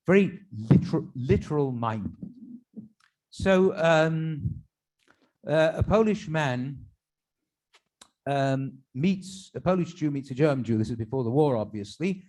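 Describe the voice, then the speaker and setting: Male rabbi, stand-up joke teller, fairly high and lively voice, halting delivery with German asides. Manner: animated storyteller slipping into German and Yiddish phrases for characters; halting, restarts and fillers between jokes. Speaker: rabbi telling jokes. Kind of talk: stand-up joke telling at a tribute. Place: synagogue event.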